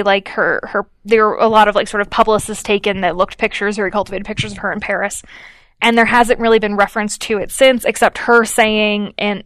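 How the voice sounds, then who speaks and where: A woman's voice: medium pitch, fairly bright tone, no room sound. A woman co-hosting a podcast, telling a story in a chatty way with lots of fillers and acted-out quotes. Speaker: podcast co-host. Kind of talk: casual chat.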